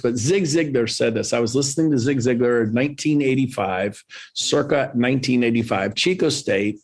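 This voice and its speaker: A man in his fifties telling lively, jokey stories as a guest on a podcast interview, acting out quotes in other voices. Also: medium pitch. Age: 50s. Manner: animated, jokey storyteller who acts out quotes in other voices. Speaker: podcast guest, real estate agent.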